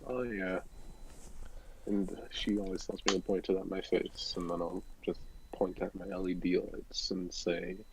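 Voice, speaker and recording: A teenage boy being interviewed as a guest, chatting casually and making deadpan jokes. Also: low-pitched, measured pace, gravelly, slight background noise, rough recording. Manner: deadpan, joking. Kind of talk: casual chat.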